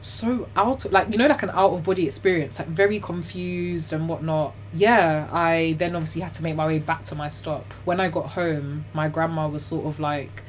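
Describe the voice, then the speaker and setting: A young woman, telling her own story as an interview guest in a chatty, animated way, full of "like" and "you know". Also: deep voice, normal speed, few pauses, a little hiss or hum. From Ghana and the UK. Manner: laughs often while telling hard stories.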